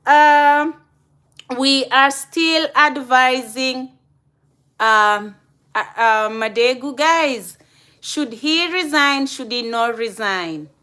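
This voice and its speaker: A woman with a Kenyan accent hosts a relaxed live stream, speaking to her viewers one by one. Her voice sits a little high. She takes her time over every phrase. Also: drawn-out words, smooth. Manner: chatty, addresses viewers directly by name. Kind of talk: casual live stream chat.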